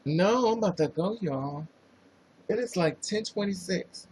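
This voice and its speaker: A man's voice: high-pitched, expressive, a little slow, a little mellow, husky, rough recording. A man with a New Jersey accent hosting a casual livestream, chatting sassily and greeting viewers by name. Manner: sassy, chatty, reads viewer names aloud. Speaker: livestream host.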